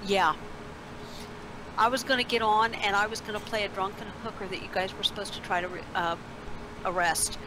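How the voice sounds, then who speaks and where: A woman's voice: mid-range voice, fairly even intonation, fairly quick, long pauses. A woman chatting casually with friends over voice chat while gaming, laughing easily. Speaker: gamer on voice chat. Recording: noisy voice chat background.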